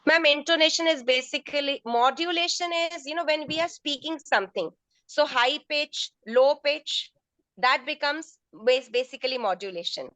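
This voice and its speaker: A woman's voice: sits high, moderate pace, bright, forceful tone, no echo, rough recording. Woman trainer explaining patiently. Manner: explanatory, repeats and restarts phrases. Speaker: resource person, teacher trainer. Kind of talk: answering questions in an online training session. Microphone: video call.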